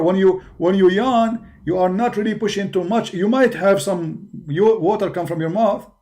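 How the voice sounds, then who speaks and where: A livestream host with a tired voice argues in broken English, mocking his opponents and calling the listener brother again and again. His speaking voice sits high for a man. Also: dark tone. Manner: mocking, argumentative. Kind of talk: livestreamed religious critique talk.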